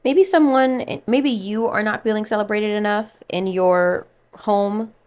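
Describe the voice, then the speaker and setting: A woman's voice: medium pitch, steady tone, unhurried, smooth. A woman doing a casual tarot reading for her channel, musing aloud and chatting while she pulls cards. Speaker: tarot reader.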